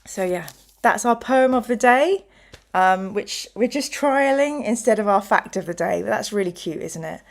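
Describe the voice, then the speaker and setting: A middle-aged woman, chatting casually as a show's host. She tells her stories with lively back-and-forth, slipping into the voices of the people she quotes. Her pitch sits in the ordinary middle range. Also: normal speed. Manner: chatty storyteller who acts out quoted voices. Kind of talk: casual chat.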